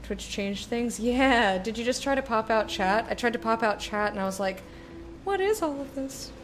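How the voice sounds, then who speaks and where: A woman's voice: on the high side, fairly even intonation, slight background noise. Chatty woman streaming a game. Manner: chatty and drawn-out, lingers on words. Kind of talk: casual chat while streaming a game.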